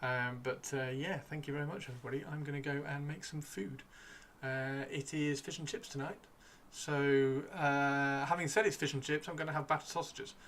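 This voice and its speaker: Chatty male streamer, bright voice. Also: a little high, fairly even intonation, normal speed, hardly any pauses, a little hiss or hum. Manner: rambling and easygoing, thanking viewers. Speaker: live streamer. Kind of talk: casual live-stream chat.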